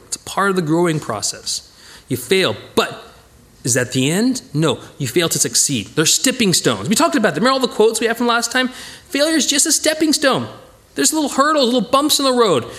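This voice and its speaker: A man leads a casual Bible study. His fairly high voice swoops up and down as he acts out the people in the story. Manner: animated, acts out voices of the characters.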